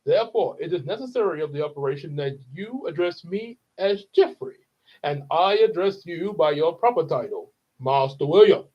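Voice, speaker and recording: A man's voice: on the high side, expressive, moderate pace, slightly rough. A man playing a stuffy, formal butler with dry humor, speaking stiffly and precisely. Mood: haughty. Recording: dull lo-fi sound.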